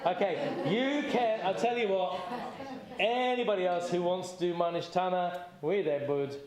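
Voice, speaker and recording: Male seder leader, fairly high voice, chatty and encouraging, echoey room. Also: moderate pace, crowd noise. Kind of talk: leading a group seder. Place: community hall or synagogue.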